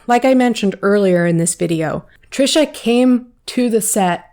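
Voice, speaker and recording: A woman hosting a commentary vlog, giving her opinions in a measured, reflective way. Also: mid-range voice, lively intonation, a little mellow. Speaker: commentary channel host.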